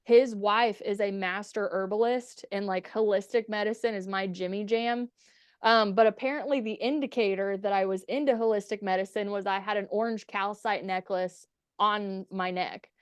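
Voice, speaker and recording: A young woman who swears freely as she tells her stories as a podcast guest, switching into the voices of the people she quotes. Her voice is smooth and clear at a middle pitch, recorded dry and close. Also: fairly even intonation, normal speed, no echo. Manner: candid, profane, acts out quoted dialogue. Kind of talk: casual storytelling interview.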